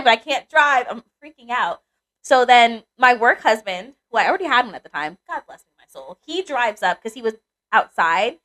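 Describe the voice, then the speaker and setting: A young woman co-hosting a chat podcast, telling stories with lively swings in her voice. Her pitch sits a bit high, and she talks in a frank, animated way, swearing freely. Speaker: podcast co-host. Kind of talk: casual chat.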